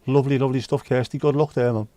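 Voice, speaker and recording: Chatty Scouse man, warm mellow voice. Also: medium pitch, fairly even intonation, racing, no room sound. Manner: chatty, joking, banters with chat and sings snatches. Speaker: livestream host reading chat. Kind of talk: casual chat.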